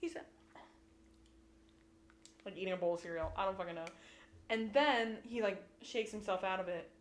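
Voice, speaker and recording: A woman's voice: mid-range voice, moderate pace. A woman co-hosting a casual show recap, swearing a lot and retelling scenes in playful mock voices. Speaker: podcast co-host. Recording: echoey room with faint ambient noise.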